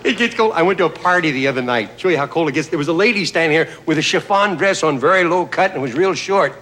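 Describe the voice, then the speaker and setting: A man's voice: on the high side, lively intonation, quick pace, a bit bright. A man performing a folksy stand-up comedy monologue on a TV studio stage, chuckling at his own jokes. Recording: noisy old TV broadcast with audience laughter. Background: studio audience laughter.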